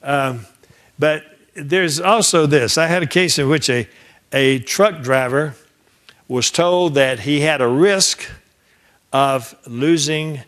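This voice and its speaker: A man's voice: a little high, slow, fairly bright tone. An older man, a trial lawyer, teaching a class through case anecdotes, acting out the dialogue and often restarting his sentences. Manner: conversational storyteller who acts out quoted dialogue; frequent restarts and repeated words. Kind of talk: anecdotal lecture.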